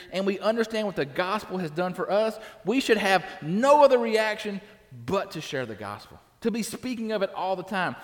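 Talking with his congregation in a conversational way, a male pastor in a church sanctuary often pauses to ask "right?". His voice is pitched high and echoes through a large hall.

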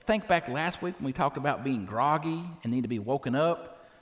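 A pastor giving a sermon to a congregation, animated and posing questions to his listeners. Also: mid-range voice, fairly quick, in a large hall.

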